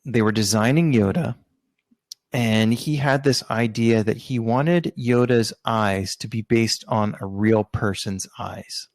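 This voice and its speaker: Man, podcast co-host, low voice, gravelly, halting casual explanations. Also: dry recording. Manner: hesitant, many fillers and restarts while explaining. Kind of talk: casual chat.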